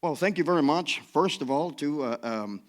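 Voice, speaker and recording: A man's voice: fairly high pitch, lively intonation, moderate pace. A man with a non-native English accent giving a chatty, self-deprecating keynote talk in a conference hall. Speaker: keynote speaker.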